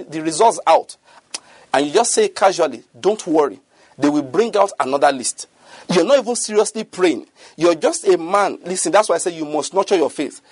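A man's voice: high-pitched, slightly rough, no room sound. A middle-aged man preaching a sermon, earnest and repetitive, often checking that listeners follow him.

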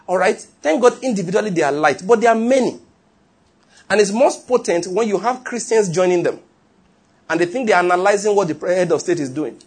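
A man's voice: high-pitched, expressive, brisk, husky. A man preaching a sermon, emphatic and repetitive, often asking whether his listeners follow. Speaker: pastor.

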